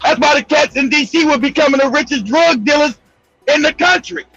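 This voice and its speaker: Brash LA man hosting, gravelly, loud, swearing, laughing through his stories. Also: very high voice, a little fast, no echo, highs cut off, faint music behind. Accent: Los Angeles. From Los Angeles. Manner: profane, animated, laughs often, loud outbursts. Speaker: show host. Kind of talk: storytelling monologue.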